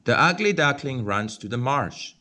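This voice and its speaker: A man reading a children's picture book aloud, slow, clear and expressive. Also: medium pitch. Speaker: storybook reader.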